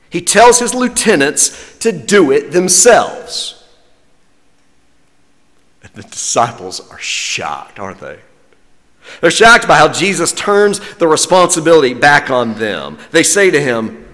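A man, a pastor preaching a sermon with lively, wry humor. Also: on the high side, unhurried. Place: church sanctuary. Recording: long reverb of a church sanctuary.

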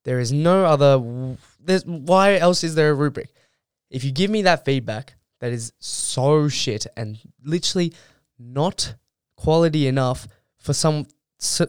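A man's voice: medium pitch, smooth, dry recording, studio quality. A young man, a university student, ranting bluntly and heatedly in a casual monologue, swearing freely. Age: young adult.

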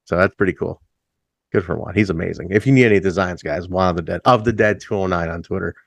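A middle-aged man in a band, telling stories in a casual chat. He is laid-back, swears freely, says "like" a lot and jumps higher when he acts out a story. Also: fast talker, gravelly, no echo. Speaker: band musician, interview guest.

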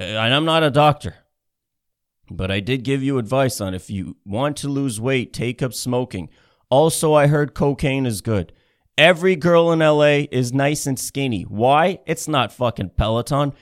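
A man doing a comedic rant, sarcastic and swearing heavily, repeating himself as he builds up steam. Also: mid-range voice. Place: Ontario, Canada.

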